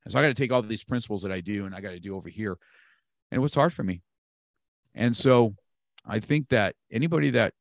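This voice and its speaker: In a dry, studio-quality recording, a California martial arts instructor around sixty talks as a guest in a motivational conversation. His fairly low voice stays emphatic, and he drives home key phrases by repeating them to motivate.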